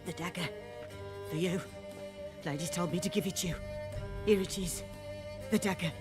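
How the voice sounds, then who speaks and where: A woman's voice: fairly low pitch, moderate pace, natural voice. An actress voicing a meek, simple servant girl in a video game, who mutters to herself in a scattered way. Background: game music.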